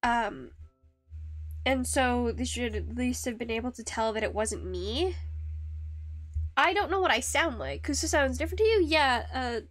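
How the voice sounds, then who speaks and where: High-voiced young woman chatting on stream. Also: normal speed, a bit bright, no echo, faint music behind. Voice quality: high-pitched voice. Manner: rambling, with restarts and frequent laughs. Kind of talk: casual chat while woodcarving on stream. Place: home streaming setup.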